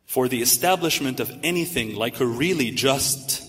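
A man reading out the lines of a scheming old senior male devil in a measured, slightly lower voice. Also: lively intonation, fairly bright tone, close to an everyday voice. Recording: echoey hall reverb.

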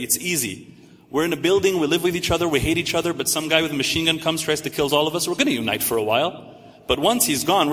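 A man's voice: fairly high pitch, a bit bright. A man giving a religious lecture to a live audience, emphatic, building lists with rising stress. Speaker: religious speaker. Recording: echoey hall reverb.

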